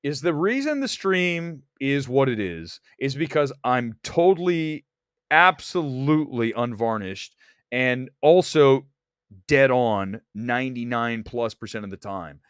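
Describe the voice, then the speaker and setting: A man's voice: mid-range voice, lively intonation, unhurried, a bit bright, smooth, dry recording, clean studio sound. A man hosting a livestream about movies, talking bluntly and teasing his chat. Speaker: livestream host.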